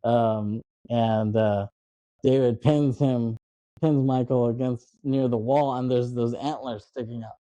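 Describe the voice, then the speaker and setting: A man's voice: medium pitch, steady tone, dark tone, dry recording, low-quality recording. A man co-hosting a podcast, casually retelling a movie scene by scene in a rambling way. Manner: rambling, acts out lines in quick voices, laughs often. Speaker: podcast co-host. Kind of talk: casual chat recapping a film.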